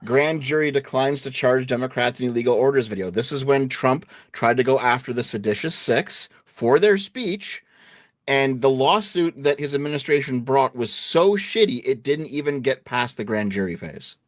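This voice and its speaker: A man reads news headlines aloud and explains them in a measured, steady way. His voice sits at an ordinary middle pitch. The recording is dry and close. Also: no room sound. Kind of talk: reading headlines and debating.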